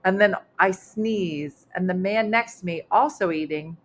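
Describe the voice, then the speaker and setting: A middle-aged woman, a comedian hosting a casual online chat show, speaks in a fairly low, unhurried voice. She tells stories in a chatty way, packing them with fillers, as in a relaxed live stream.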